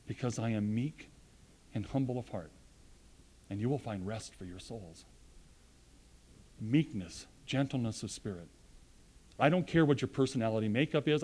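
A man preaching a sermon with earnest emphasis, rising to loud points and dropping to quiet, low asides.

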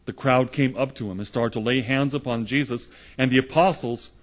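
Male preacher, husky timbre, earnest storytelling sermon delivery. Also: mid-range voice, fairly even intonation, a little fast. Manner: earnest storytelling, retelling gospel scenes in the present tense.

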